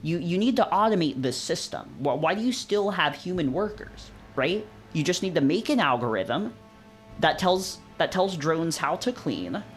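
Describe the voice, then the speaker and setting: A man's voice: on the high side, big pitch swings, normal speed, faint music behind. A man hosting a let's play, giving casual commentary while reading a visual novel, joking and rambling with frequent restarts.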